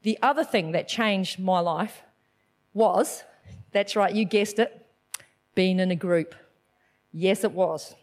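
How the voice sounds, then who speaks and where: A middle-aged woman giving a chatty, animated church message, telling a personal story with self-deprecating laughs. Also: medium pitch, slow pace, long pauses. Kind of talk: personal testimony sermon.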